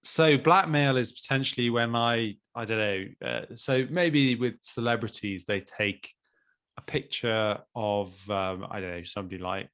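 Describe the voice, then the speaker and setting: A man's voice: lowish voice, unhurried, fairly bright tone. A man co-hosting a podcast in a casual chat, easygoing and joking, with a hesitant way of talking. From England. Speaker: podcast co-host.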